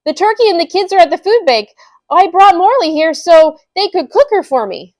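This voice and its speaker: A woman's voice: sits high, big pitch swings, normal speed, no echo, clean studio sound, voice pushed up. Woman doing a frantic stammering husband. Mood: flustered. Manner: breathless, stammering pleading. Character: frantic, flustered middle-aged husband.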